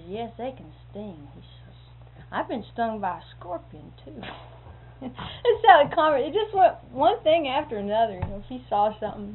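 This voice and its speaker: A woman telling a long anecdote in casual conversation, acting out what others said with sound effects like "boom" and breaking into laughter. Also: vocal fry. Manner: animated, acts out quoted speech with sound effects and laughter. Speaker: storyteller. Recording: tinny lo-fi recording with faint hiss.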